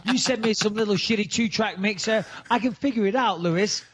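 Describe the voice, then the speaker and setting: A man's voice: high voice, brisk, a bit bright, breathy edge. A man from England, hosting a podcast in brash, boastful, swearing banter. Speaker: podcast host. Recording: dull lo-fi sound.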